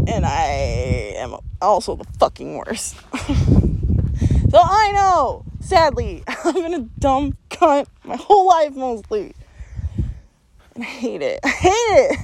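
A woman vlogger rants bluntly at her viewers, swearing constantly and often laughing mid-sentence as she lectures in a confrontational way. Her voice is high-pitched and sing-song, at a measured pace. There is noticeable background noise in the recording.

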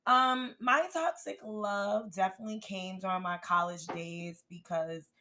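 A woman's voice: mid-range voice, measured pace. Young woman on a podcast just telling a story, laughing a lot. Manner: animated storyteller, laughs often. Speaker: podcast co-host. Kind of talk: casual chat.

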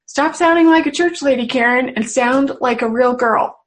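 A woman, a mother, speaking to a webinar audience in a personal spiritual talk, earnest and confiding, with unhurried pauses. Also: sits high, low-quality recording. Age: adult mother. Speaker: webinar presenter.

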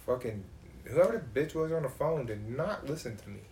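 Brief: male co-host, casual chat, profane and animated storyteller. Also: mid-range voice, brisk, reverberant, a little hiss or hum.

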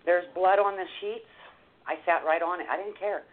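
A woman guest author, telling an emotional story in a talk show scene by scene with animated delivery. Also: fairly low pitch, normal speed. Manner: animated, retells scenes step by step. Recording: tinny phone line.

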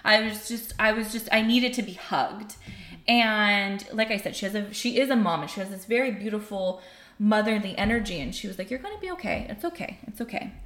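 A woman recounts a painful personal story in a frank, conversational way. She is emotional and animated, and she briefly acts out the voices of other people. Her voice carries a roomy echo. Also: mid-range voice, normal speed. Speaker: podcast guest telling her story.

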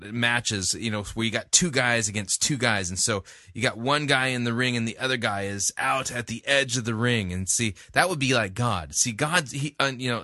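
A man's voice: mid-range voice, sharp tone, no echo, clean studio sound. A man hosting a sermon review, talking casually and bluntly with frequent fillers. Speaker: host. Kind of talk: commentary.

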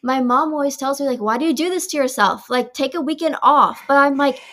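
A young woman co-hosting a podcast, chatting casually and chiming in with quick, agreeable reactions. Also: high voice, bright, forceful tone, a little hiss or hum. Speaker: podcast co-host. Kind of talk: casual chat.

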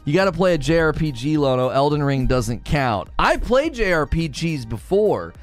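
A man hosts a laid-back gaming live stream, joking and ranting with a lively voice that leaps up and down. His voice sits a bit high for a man. Faint music plays under him. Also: normal speed. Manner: animated, jokey, swings between loud bursts and mutters. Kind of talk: casual live-stream chat.

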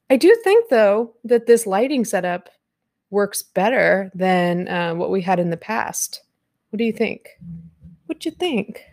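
A woman's voice: medium pitch, darkish tone, no echo, clean studio sound. A woman in her thirties hosting a casual live podcast from home at her computer, chatting and rambling with frequent laughs. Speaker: podcast host. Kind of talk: casual live-stream chat.

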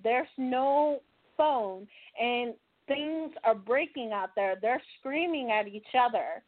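Woman telling her story over tinny audio. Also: a little high. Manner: earnest, plainspoken, with fillers like "right?". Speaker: storyteller recounting her childhood. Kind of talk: personal testimony.

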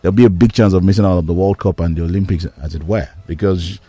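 Brief: very deep, mellow panelist, dry studio, firm opinions. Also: male voice, breathy edge, no room sound. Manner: measured, assertive. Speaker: sports show panelist. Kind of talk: casual chat, analysis.

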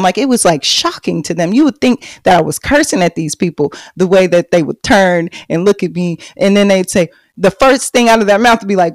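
A woman's voice: medium pitch, brisk, dry recording, studio quality. A woman, hosting a podcast and telling her own story in a chatty, confiding way. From Texas. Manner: chatty and confiding, lively and loud when bragging, hushed and reflective later. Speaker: podcast host. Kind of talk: personal storytelling monologue.

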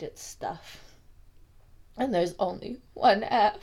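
High, lively young woman swearing casually. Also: unhurried. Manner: profane, laughing, exasperated teasing. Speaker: podcast co-host. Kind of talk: casual podcast chat.

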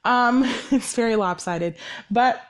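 A woman's voice: fairly high pitch, slow pace. A young woman hosting her own podcast, talking candidly and reflectively about her week. She rambles, corrects herself often, and says she is short on sleep. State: sleep-deprived. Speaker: podcast host. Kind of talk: personal reflective monologue.

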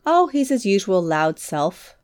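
A man reading aloud and voicing a gracious noblewoman who speaks softly with a wry, gentle manner. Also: high voice, big pitch swings, a little slow, smooth, pitched above the performer's own voice.

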